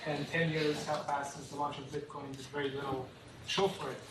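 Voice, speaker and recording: A man's voice: fairly high pitch, little pitch movement, fairly quick. A male student answering in class, blunt and skeptical. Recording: distant, echoey, noisy classroom.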